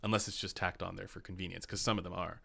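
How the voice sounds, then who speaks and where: Young Canadian host, low gravelly voice with a bright edge, chatty live-stream talk. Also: male voice, steady tone, fast talker. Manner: chatty, laughs often, many fillers. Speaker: podcast host. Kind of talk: casual live-stream chat.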